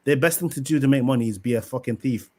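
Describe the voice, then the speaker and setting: A man, telling stories in a casual debate, animated and profane. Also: mid-range voice, quick pace. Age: 20s.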